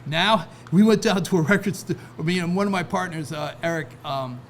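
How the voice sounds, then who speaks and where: A man's voice: fairly high pitch, normal speed, slight background noise. A man talking casually as a podcast guest, rambling with many restarts and "right?" asides. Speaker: guest, record label founder. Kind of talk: casual interview talk.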